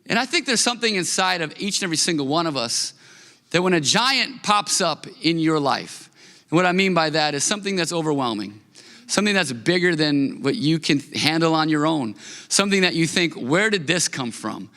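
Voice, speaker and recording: A man in his thirties preaching a sermon as a pastor, animated and conversational, often repeating words. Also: a little high, a little fast, big-room sound. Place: church hall.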